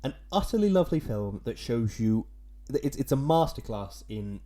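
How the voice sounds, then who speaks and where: A man's voice: mid-range voice, sing-song, moderate pace, dark tone. A young man co-hosting a podcast, talking in a dry, wordy and self-mocking way. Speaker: podcast co-host. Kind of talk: casual podcast chat.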